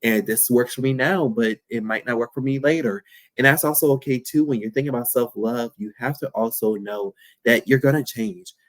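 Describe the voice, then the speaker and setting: A man's voice: mid-range voice, normal speed, dry recording. A young man hosting his own podcast, talking candidly and playfully in a reflective, affirming solo talk. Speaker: podcast host.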